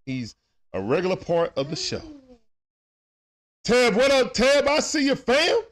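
A man with a high voice that swings up and down a lot calls a basketball game live for his stream viewers. He gets excitable and shouts over the big plays, then drops back into relaxed, casual chat with his audience. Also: a little slow. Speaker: host of a sports talk livestream. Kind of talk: live play-by-play watch-along commentary.

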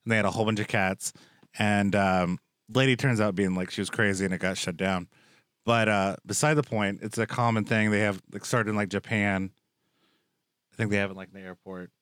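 A man's voice: lowish voice, fairly even intonation, fairly quick, fairly bright tone, clear, resonant tone, no room sound, studio quality. A young man hosting a casual chat, rambling and joking with lots of filler words. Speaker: podcast host.

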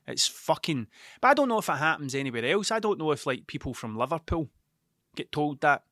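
A Scottish man from Ayrshire with a strong accent, hosting a casual solo podcast and telling stories in a sweary, animated way. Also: on the high side, a little fast, no echo, clean studio sound. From Scotland (Ayrshire). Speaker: podcast host.

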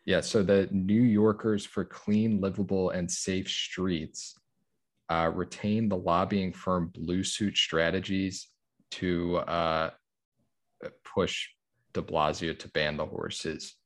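Male podcast co-host, very low voice, dry joking delivery. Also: fairly even intonation, slow pace. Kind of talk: casual chat.

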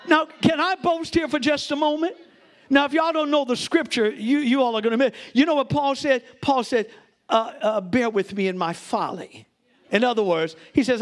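A pastor preaching to his congregation in a very high voice. He rises to shouted peaks, laughs often and talks straight to the people in the pews. He is a middle-aged man delivering a lively sermon. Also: normal speed. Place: church before a congregation.

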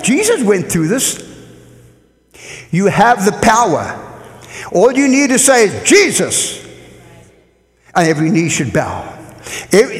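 A man preaching a lively sermon to a church congregation, leading call-and-response. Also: high voice. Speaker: guest preacher. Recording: echoey church hall.

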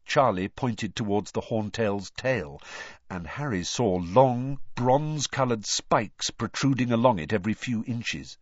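A man narrating a storybook in an expressive, dramatic reading. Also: lowish voice, measured pace, dry recording. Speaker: audiobook narrator. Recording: dull, dry recording.

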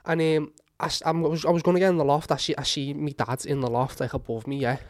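A young man spins an animated story for his friends, swearing freely and shouting out the lines of others. His voice sits fairly high and sounds dry and close. He talks in a casual, rambling way. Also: quick pace, dry recording. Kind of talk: casual chat among friends.

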